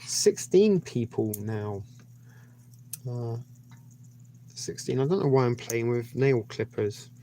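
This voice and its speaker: A man's voice: mid-range voice, lively intonation, slow, long pauses, warm tone, a little hiss or hum. A man hosting a livestream, rambling casually with many hesitations. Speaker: livestream host.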